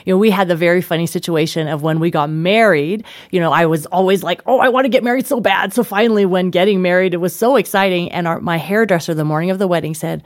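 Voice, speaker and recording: A woman's voice: quick pace, few pauses, no echo, studio quality. A middle-aged woman, an author being interviewed, telling funny family stories in casual conversation, laughing and acting out quotes. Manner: animated, laughing, acts out quotes with big pitch jumps. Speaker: author and guest.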